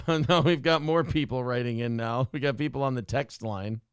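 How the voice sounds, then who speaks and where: A man's voice: mid-range voice, normal speed, clear, resonant tone, dry recording, clean studio sound. A man hosting a casual live show, joking crudely and reading out viewer messages. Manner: joking, reads chat messages aloud.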